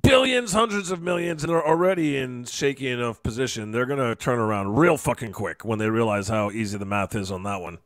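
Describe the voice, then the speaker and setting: A man's voice: mid-range voice, a little fast, few pauses, no echo. A man co-hosting a comedy podcast, trading sardonic jokes in casual banter on a close, dry mic. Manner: sardonic, wry put-downs. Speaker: podcast co-host.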